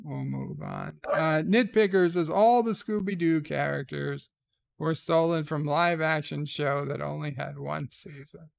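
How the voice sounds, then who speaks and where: Slow, gravelly male streamer. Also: fairly high pitch, fairly even intonation. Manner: unhurried, with frequent hesitant fillers. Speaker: live streamer. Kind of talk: casual chat reading viewer comments.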